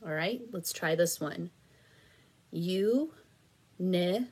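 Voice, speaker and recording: A woman teaching reading to children, patient and encouraging, slowly and clearly spelling out syllables. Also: on the low side, lively intonation. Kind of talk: slow, clearly enunciated instruction for children.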